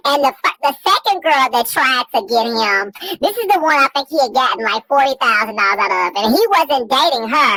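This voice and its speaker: A woman co-hosting a podcast in casual chat, animated and teasing, with a lot of profanity. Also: high-pitched, moderate pace, no echo, rough recording. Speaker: podcast co-host.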